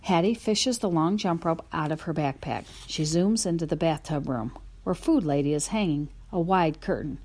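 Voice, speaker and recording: A woman's voice: deep voice, normal speed, few pauses, breathy edge. A woman narrating a children's story in a first-person voice, telling it expressively. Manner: expressive, lively storytelling from a dog's view. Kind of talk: audiobook narration.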